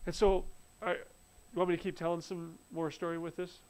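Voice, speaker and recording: A man's voice: sits high, level tone, moderate pace, a little mellow, clear, resonant tone, low-quality recording. A man telling a personal faith testimony in an earnest storytelling way, often restarting his sentences. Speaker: speaker sharing a faith testimony. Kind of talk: live-streamed spoken testimony.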